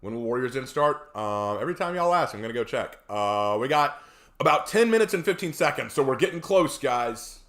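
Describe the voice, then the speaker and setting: A man's voice: medium pitch, lively intonation, a little fast, a bit bright. A man chatting casually on a live stream, reading viewer comments aloud and telling laid-back stories.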